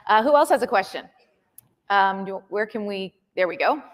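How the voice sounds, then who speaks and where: A woman moderating a session, calling on audience members in an upbeat, brisk manner. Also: medium pitch, lively intonation. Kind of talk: event moderating. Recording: echoey hall from a distance.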